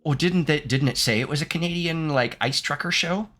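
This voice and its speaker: An American man streams gameplay in a slightly high, brisk, somewhat bright voice. He reads game text aloud, jokes around with his viewers, and laughs often.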